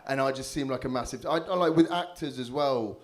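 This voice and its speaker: A man's voice: mid-range voice, brisk. A man hosting a live comedy show on a handheld mic, teasing the crowd with crude, cheeky banter. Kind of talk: live stand-up crowd work. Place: live comedy venue with audience. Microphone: handheld stage mic.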